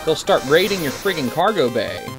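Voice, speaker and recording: Male streamer, slightly high and animated, wry sarcastic gameplay chatter over clear background music. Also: moderate pace. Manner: rambling, wry, sarcastic asides. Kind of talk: casual gameplay commentary.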